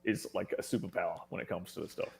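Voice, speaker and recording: An Australian man, a guest in a casual conversation, tells stories with lots of animation and frequent laughter. His voice is low and gravelly, and he talks fast.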